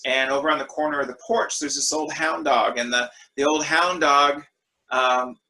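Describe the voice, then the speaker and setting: A man leading an online worship discussion over a video call, telling stories in a relaxed way with fillers. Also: on the high side, moderate pace, rough recording. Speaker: group discussion leader.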